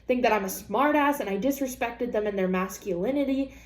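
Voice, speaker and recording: A woman vlogger reading an online story aloud and reacting to it in casual chat, blunt and freely swearing, with animated asides. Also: on the high side, a little fast. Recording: roomy echo.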